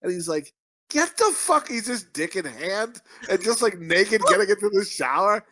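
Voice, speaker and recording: A man's voice: high voice, moderate pace, pushed and bright. A man co-hosting a podcast, rambling and joking crudely with his friends. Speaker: podcast co-host. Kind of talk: crude casual banter.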